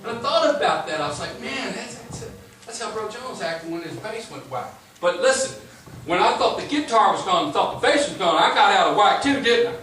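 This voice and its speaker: A man's voice: high-pitched, expressive, a little fast, a bit bright. A man preaching as pastor in a church sanctuary, folksy and storytelling, acting out the voices of the people he tells about. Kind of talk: casual sermon talk. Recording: echoey church, distant mic, music behind.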